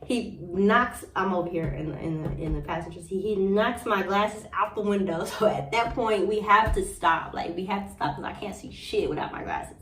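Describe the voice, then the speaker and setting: A young woman tells her own story to the camera, blunt, profane and animated. Her voice sits back from the mic in a roomy, echoing space, with a faint hum of room ambience underneath. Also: mid-range voice, moderate pace, hardly any pauses, recorded from a distance. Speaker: vlogger. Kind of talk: candid storytime monologue. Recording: roomy echo, a bit off-mic.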